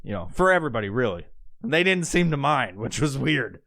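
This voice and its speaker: A man's voice: medium pitch, sing-song, a little fast, vocal fry, bright, forceful tone. A man, telling a rambling, profane, laugh-filled story as a podcast host. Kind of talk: casual storytelling.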